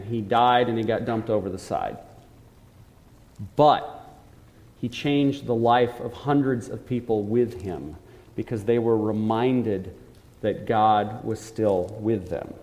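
A man's voice: mid-range voice, a little mellow. Earnest male preacher in a reverberant hall. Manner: earnest storytelling, slows for emphasis. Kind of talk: sermon.

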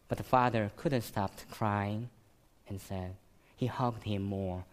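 Male pastor, sermon, slow deliberate delivery, emotional repetition. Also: on the low side, steady tone.

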